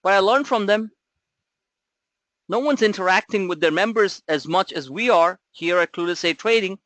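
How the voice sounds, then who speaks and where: The recording, free of room sound, captures a trading coach with a high-sitting, fairly bright voice at a moderate pace. In his live market commentary webinar he coaches traders bluntly and emphatically, with rhetorical questions and casual swearing.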